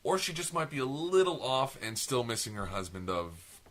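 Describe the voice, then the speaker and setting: Young male co-host, casual chat, talkative and self-deprecating, average pitch. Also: sing-song, moderate pace, a bit bright. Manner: chatty, long-winded, self-deprecating. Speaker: podcast co-host.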